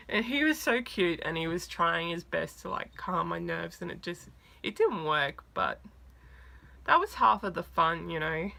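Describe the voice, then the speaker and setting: A woman vlogger excitedly telling a story in a casual, chatty way, with lots of fillers. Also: fairly low pitch, moderate pace, vocal fry.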